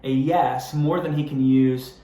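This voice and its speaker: A young man preaches a sermon in a relaxed, conversational style, poking fun at himself before building to earnest appeals. His voice sits at a middle pitch. A roomy church hall echo surrounds him. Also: measured pace. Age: young adult. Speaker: young adults pastor.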